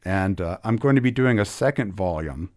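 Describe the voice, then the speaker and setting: A man's voice: low-pitched, lively intonation, normal speed, a little mellow. A middle-aged man talking enthusiastically about restoring old comics, with many restarts. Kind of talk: casual interview talk.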